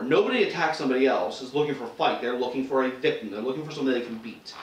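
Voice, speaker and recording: A man's voice: on the high side, fairly bright tone, a little hiss or hum. Man teaching self-defense in an echoey room. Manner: casual, conversational, many restarts and acted-out quotes. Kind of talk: demonstration lesson. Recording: roomy echo, mic far off.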